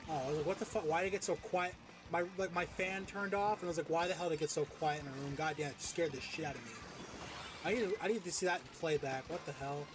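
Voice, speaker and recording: A man streaming a game, chatting casually, excitable, swearing and laughing often. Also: on the high side, fast, noisy background. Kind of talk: casual gaming stream chat.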